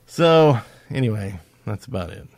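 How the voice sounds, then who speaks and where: A man's voice: on the low side, expressive, normal speed, darkish tone, dry recording. A man from Alabama, co-hosting a podcast in casual chat, rambling with many fillers and frequent laughs. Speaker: podcast co-host.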